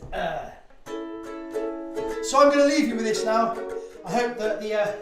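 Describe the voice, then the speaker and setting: A man's voice: high voice, expressive, unhurried, music in the background. A man from Bristol, a folk singer-songwriter, chatting between songs in a rambling, jokey way with casual swearing. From Bristol, England. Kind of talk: banter between songs at a live-streamed gig. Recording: very echoey, distant mic, loud ukulele.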